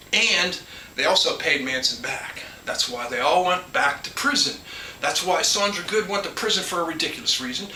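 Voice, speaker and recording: A man's voice: high-pitched, bright, forceful tone, far from the mic. A man hosting his own channel, talking in a casual, rambling monologue full of restarts and asides. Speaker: collector and channel host. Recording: echoey room, off mic, faint background hum.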